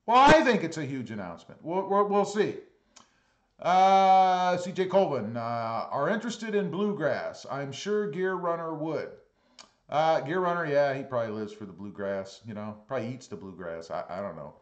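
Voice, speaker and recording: A man's voice: a little high, very animated, normal speed, roomy sound. A man hosting a casual livestream who reads viewer comments aloud and greets each viewer in a friendly way, with dry teasing asides. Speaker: livestream host.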